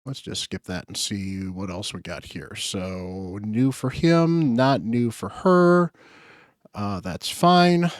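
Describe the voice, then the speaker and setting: A man's voice: on the low side, animated, takes it slowly, no echo, studio quality. A man hosting his gaming channel, chatting casually through his summon pulls in an upbeat way with frequent fillers. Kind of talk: casual gacha summon commentary.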